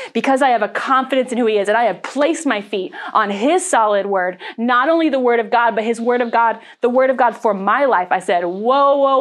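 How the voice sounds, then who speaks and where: A woman pastor giving a sermon in a candid, conversational way, with frequent fillers and laughs. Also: on the high side.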